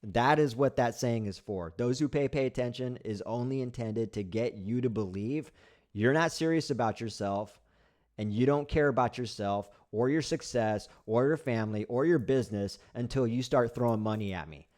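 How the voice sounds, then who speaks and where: A man's voice: medium pitch, moderate pace, darkish tone. Blunt man talking live, full of fillers. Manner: blunt, repetitive, with frequent fillers and restarts. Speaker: livestream host. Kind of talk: casual commentary reading live chat.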